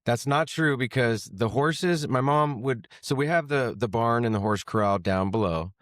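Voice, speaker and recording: A young man in loose, profane podcast banter, laughing through his own stories and jumping in to set the record straight. His voice sits at an ordinary pitch and is recorded close and dry, with no room sound. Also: normal speed, fairly bright tone, no echo. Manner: swearing, laughing storyteller who interrupts and corrects. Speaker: guest. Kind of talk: casual podcast chat.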